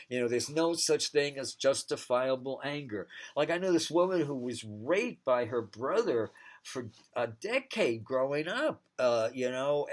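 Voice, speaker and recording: A man's voice: mid-range voice, a bit bright. A man working as a psychic, giving a casual, rambling tarot reading that wanders from one thought to the next. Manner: rambling, digressive.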